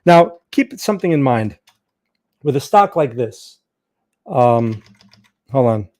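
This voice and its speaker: Here the trading livestream host has a mid-range, darkish voice with big pitch swings and a slow pace. He's casually fielding viewer questions in a live Q&A on market charts, thinking out loud and repeating words frequently.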